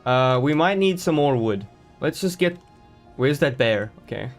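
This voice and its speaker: A man's voice: medium pitch, lively intonation, unhurried, soft background music. A man chatting live to his viewers while playing a game, rambling and joking as he goes, greeting people in chat. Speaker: streamer.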